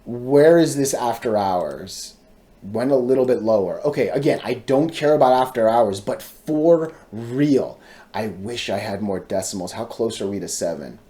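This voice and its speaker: Excitable man rattling through stock charts. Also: mid-range voice. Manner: excitable, repeats words in rapid chants; talks to viewers directly, frequent "right?" and "all right?". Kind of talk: casual stock chart commentary.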